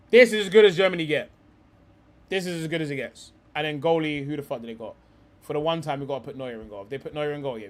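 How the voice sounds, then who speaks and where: Young man, swears a lot, fairly high voice, casual live stream talk, rambling. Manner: swears a lot and says bro, rambling and heated.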